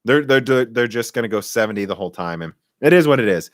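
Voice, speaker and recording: A man's voice: medium pitch, expressive. A young man hosts a live stream and chats in a loose, rambling way, laughing often as he goes. His voice sits in a middle range and comes across dry and close, with no room echo. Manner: rambling, chatty, quick to laugh. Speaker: tech podcast host. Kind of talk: casual live-stream chat.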